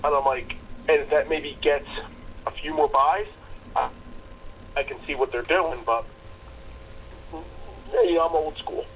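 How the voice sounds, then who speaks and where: A man's voice: fairly high pitch, normal speed, long pauses, a bit bright, slight background noise. Rambling storytelling man, dull lo-fi sound. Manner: rambling storyteller, acts out quoted people. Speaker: podcast co-host. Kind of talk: casual chat.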